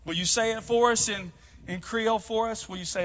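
A man's voice: high voice, expressive, fairly quick. A man preaching a sermon as pastor, calling on the congregation to join in and speak. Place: church hall. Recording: muffled sound with long hall reverb.

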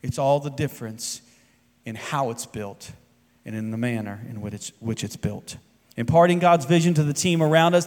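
Male pastor, sermon, higher voice, long hall reverb, big swings from loud to soft. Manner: swings between loud emphatic peaks and quiet, soft asides.

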